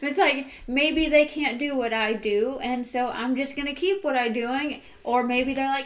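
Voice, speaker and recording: A woman's voice: sits high, normal speed, few pauses, slight background noise. A woman in casual conversation, telling stories animatedly and acting out the people she quotes. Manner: animated, acts out quoted voices. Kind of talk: casual chat.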